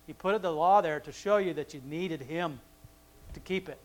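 A man reading scripture aloud and explaining it in a relaxed, conversational teaching style, with chuckling asides and frequent restarts. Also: on the high side, moderate pace, rough recording. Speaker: Bible teacher. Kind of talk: casual Bible study teaching.

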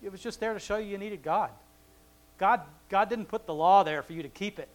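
A man reading scripture aloud and explaining it in a relaxed, conversational teaching style, with chuckling asides and frequent restarts. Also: high-pitched, fairly quick, rough recording. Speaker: Bible teacher. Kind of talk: casual Bible study teaching.

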